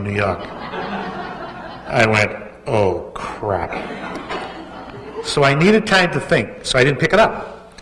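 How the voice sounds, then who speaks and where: A man's voice: mid-range voice, a bit bright, long reverb tail. A man, an author telling a rambling, self-mocking anecdote at a book launch. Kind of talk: anecdotal storytelling talk. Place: book launch event hall.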